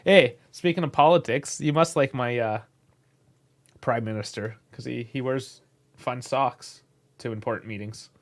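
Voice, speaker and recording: A Canadian man hosts a casual live match reaction, chatty and laid-back, chuckling frequently and swearing casually. His voice is medium in pitch and a little slow.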